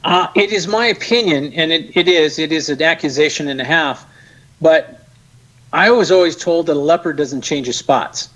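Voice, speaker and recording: Guy on as a guest, bit high voice, emphatic and sarcastic, really animated. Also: moderate pace, highs cut off. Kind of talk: casual interview chat.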